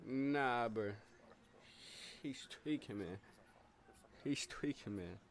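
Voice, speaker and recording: A man streaming live, giving casual, slangy reaction commentary that repeats short phrases and breaks into loud bursts of surprise. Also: medium pitch, animated, extremely slow.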